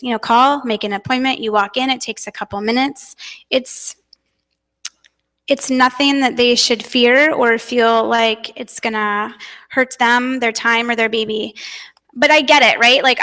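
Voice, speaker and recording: Earnest American woman speaker, fairly high voice, hall reverb, conference talk. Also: fairly bright tone. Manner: earnest, personal, emotional at times. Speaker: conference speaker, parent advocate.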